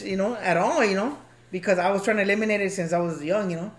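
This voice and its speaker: A man's voice: sits high, fast talker. A man comedian in casual chat, rambling with many restarts and laughing along.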